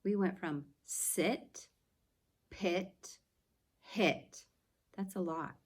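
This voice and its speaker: A woman teacher giving an early-reading phonics lesson, patiently sounding out words slowly and clearly for young children. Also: on the low side.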